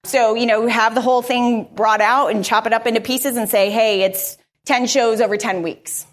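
A woman podcaster giving a live conference talk, energetic, candid and conversational. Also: on the high side, moderate pace.

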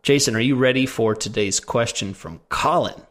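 A man hosts a casual Q&A show in a medium-pitched, everyday voice. He reads listener questions aloud and slips in teasing jokes about his co-host. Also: normal speed, a bit bright. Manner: joking, teasing. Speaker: podcast co-host.

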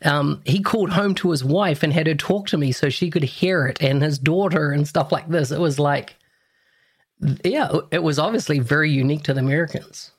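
A man's voice: fairly high pitch, moderate pace, slightly rough. Chatty Kiwi man hosting a podcast. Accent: New Zealand. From New Zealand. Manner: relaxed, rambling with fillers. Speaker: podcast host. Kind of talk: casual interview chat.

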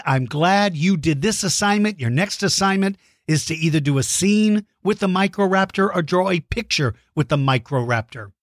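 A man hosting a children's podcast, reading out listener mail with big enthusiasm, warm praise and playful mock-outraged shouts. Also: high-pitched, dry recording, studio quality. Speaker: kids' podcast host.

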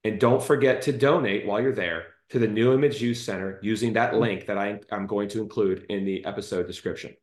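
A man's voice: lowish voice, fairly even intonation, a little fast, few pauses, darkish tone. Chatty man host in an echoey room. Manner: friendly, chatty, with frequent fillers. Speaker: podcast host. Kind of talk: casual interview chat.

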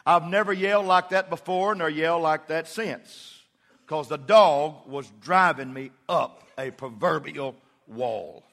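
A man's voice: a little high, a little slow, gravelly, fairly bright tone, in a large hall. A middle-aged man preaching a sermon as pastor, telling folksy stories and acting out quotes from his congregation. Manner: folksy storytelling with acted-out quotes. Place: church.

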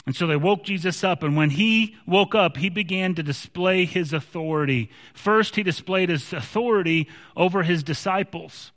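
A man's voice: high-pitched, normal speed, few pauses, a bit bright, in a large hall. A man preaching a sermon in an emphatic way, sometimes repeating words as he restarts.

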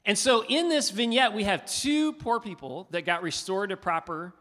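A man preaching a sermon, asking his listeners questions in an animated, conversational way. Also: high voice, normal speed. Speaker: pastor. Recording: hall reverb.

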